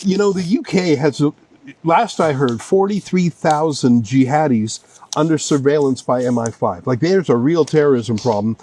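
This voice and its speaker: A man's voice: a little high, moderate pace, dark tone, slight background noise. A man interviewing a guest, asking questions and often reacting with open disbelief. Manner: incredulous, exclaims often. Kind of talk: conversational interview.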